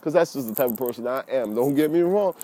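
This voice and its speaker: Lively, preachy man with a mellow voice. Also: medium pitch, quick pace. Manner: lively, preachy, addresses listeners as y'all. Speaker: fishing podcaster. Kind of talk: casual monologue.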